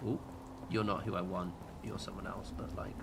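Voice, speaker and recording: A British man from the United Kingdom livestreams a game while chatting casually, rambling and swearing, with plenty of fillers and restarts. His voice sits low and level at a moderate pace, over a noisy background.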